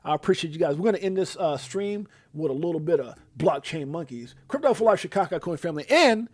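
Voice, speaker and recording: Hyped man giving stream shout-outs. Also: no room sound. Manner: lively, hyped, drawn-out shout-outs with sudden loud high bursts. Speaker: livestream host. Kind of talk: casual livestream shout-outs.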